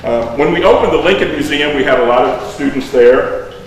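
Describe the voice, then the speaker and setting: A man hosts the event and introduces the guest of honor in a halting way, with many fillers. He is heard from some distance from the mic. His voice echoes around a large hall with a long reverb. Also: medium pitch, a little hiss or hum. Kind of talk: ceremonial introduction speech.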